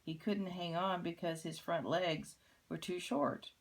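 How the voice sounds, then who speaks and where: Older woman, grandmother, picture book read-aloud, low voice, gravelly. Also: steady tone, measured pace, rough recording. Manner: gentle, pointing out pictures. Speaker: grandmother reading to children.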